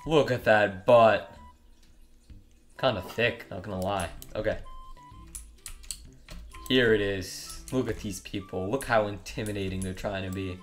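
A man's voice: fairly low pitch, fairly even intonation, a little slow, pauses often, soft background music. A young man giving crude, mocking commentary while trolling other players in an online game. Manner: joking, mocking, crude humor. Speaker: gaming YouTuber.

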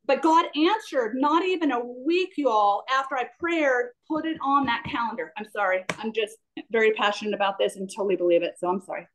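Eager woman, slightly high voice, rambling and apologetic testimony over a video call. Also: fairly quick, rough recording. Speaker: class participant. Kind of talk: sharing a personal testimony.

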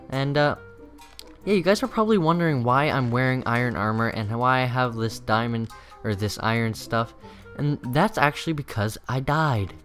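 Rambling teen boy narrating a game. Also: medium pitch. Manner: rambling, lots of fillers, excitable. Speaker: gaming channel host. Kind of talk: casual gameplay commentary.

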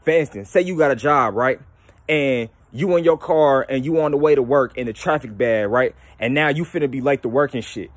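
A young man hosting his own channel, talking casually and profanely about spiritual ideas, animated and slipping into mocking voices. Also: mid-range voice, fairly quick, dry recording. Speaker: YouTube channel host.

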